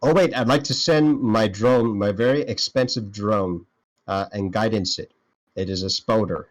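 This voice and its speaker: A man's voice: lowish voice, normal speed. A man playing a tabletop game, joking and hesitant with fillers. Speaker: player. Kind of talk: casual tabletop game chat.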